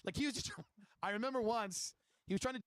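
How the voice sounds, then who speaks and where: Male podcast guest, very high bright voice, quick animated storyteller. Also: dry recording. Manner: animated, laughs while telling stories. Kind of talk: storytelling in casual chat.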